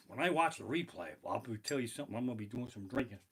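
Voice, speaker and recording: A male stand-up comic rants from his living room, his voice bright and sharp as it jumps around a lively, wide range. He swears freely and bursts into loud exasperated outbursts. The home streaming setup is bare-bones. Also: medium pitch, quick pace, husky, rough recording. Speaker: stand-up comedian. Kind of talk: stand-up comedy rant. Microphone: basic home streaming setup.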